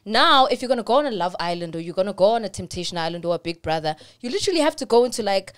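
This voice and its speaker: A woman's voice: mid-range voice, lively intonation, rapid-fire, smooth. A woman co-hosting a podcast, chatty and explaining things at length in casual conversation. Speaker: podcast co-host. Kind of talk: casual chat.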